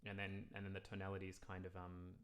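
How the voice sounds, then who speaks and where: A man's voice: low-pitched, monotone, fairly bright tone. A man teaching a live music theory lesson, counting beats and scat-singing rhythms to explain a song. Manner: sings example lines slowly.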